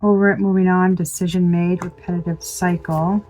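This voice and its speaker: A woman's voice: lowish voice, flat delivery, normal speed, mellow, faint music behind, poor audio. A woman reads tarot for her viewers in a loose, chatty way. She is exclamatory and swears freely. She thinks aloud, trailing off mid-sentence and starting over. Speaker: tarot reader. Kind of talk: casual tarot reading to viewers.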